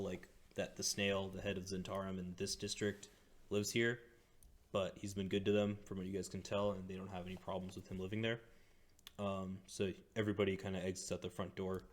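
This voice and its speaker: A man running a tabletop game as game master, narrating in a low, deep voice. His delivery stays flat and even, loose and relaxed, peppered with ums and uhs.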